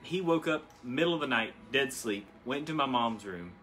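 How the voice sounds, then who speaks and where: A man's voice: medium pitch, lively intonation, normal speed, fairly bright tone, faint music behind. A man co-hosting a crafting video, chatting casually in a laid-back, teasing way. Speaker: co-host of a crafting channel. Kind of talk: casual chat while crafting.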